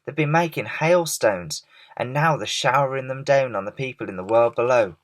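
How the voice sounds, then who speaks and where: Earnest storybook boy, played by a man, higher voice, urgent. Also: moderate pace, close to an everyday voice. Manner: raised pitch, urgent.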